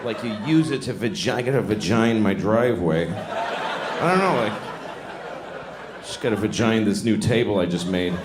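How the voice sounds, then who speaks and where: A man's voice: on the low side, expressive, normal speed, pauses often, noisy background. A man in his forties from Boston doing a rambling, self-mocking, crude stand-up set on a comedy club stage. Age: 40s. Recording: echoey club with loud crowd.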